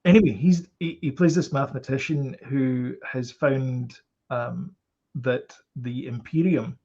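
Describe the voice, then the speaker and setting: A Scottish man co-hosts a podcast, rambling through casual chat and stopping often to restart his sentences. His voice has a gravelly edge, and it sits at an ordinary middle pitch. The recording sounds a bit dull and lo-fi. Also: a little slow. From Scotland. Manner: rambling, animated, with many fillers and restarts. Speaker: podcast co-host.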